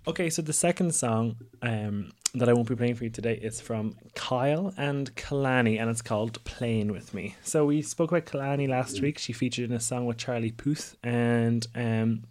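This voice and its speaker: A rambling, chatty man talking through new songs on a podcast. His voice sits at an ordinary middle pitch. He wanders between thoughts, leaning on fillers as he goes. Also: normal speed, hardly any pauses, a little mellow. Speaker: podcast co-host. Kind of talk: casual music chat.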